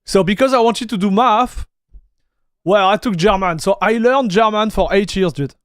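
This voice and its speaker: High-voiced Frenchman chatting on stream. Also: moderate pace, dry recording, clean studio sound. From France. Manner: laid-back, says "dude" a lot, reads chat aloud. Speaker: tech streamer. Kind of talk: casual live-stream chat.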